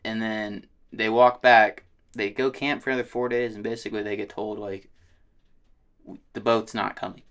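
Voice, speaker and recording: Casual podcast co-host, male, low-pitched, loose storyteller who swears freely. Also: normal speed, clean tone. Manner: laid-back, swears a lot, animated storytelling. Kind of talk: casual chat.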